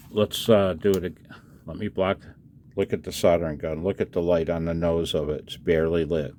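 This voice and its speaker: Man, deep voice, slow pace, tired, casual hands-on demo, chatty. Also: darkish tone, slight background noise. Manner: chatty, talks to the viewer with questions and chuckles. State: tired, up late at night. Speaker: radio hobbyist demonstrating a device.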